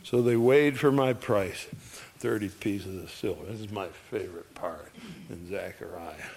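A man's voice: lowish voice, gravelly, darkish tone. A man preaching a sermon, reading scripture and acting out the people in the story with emphasis. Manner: slow, emphatic, acts out quoted voices.

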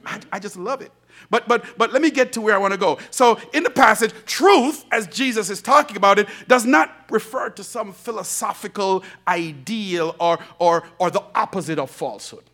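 A man preaching a sermon as pastor, swinging between soft, low asides and loud, emphatic lines, with laughing asides. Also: normal speed. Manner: animated preaching, rising to shouts, laughing asides.

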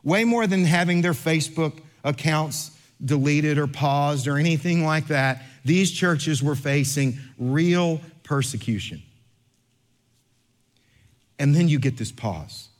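A middle-aged male pastor preaching a sermon, telling a lively story with acted-out voices, then slowing to read and unpack scripture. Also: on the high side. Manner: animated storyteller, acts out other voices, then slows for scripture.

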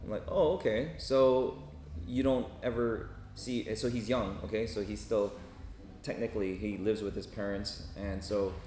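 A man with a fairly low voice tells a story from his work as a hospital chaplain, talking casually to a group. He keeps checking in with listeners with a quick "right?" or "okay?". The recording has a roomy echo and a faint hum of ambience behind him. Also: fairly even intonation, mellow.

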